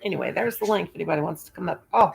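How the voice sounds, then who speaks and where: Sitting at home in the dark with a single light on, a woman hosts a casual live stream, rambling and chatting with viewers and frequently pausing to search for words. Her lowish voice is gravelly and rapid-fire, with slight background noise.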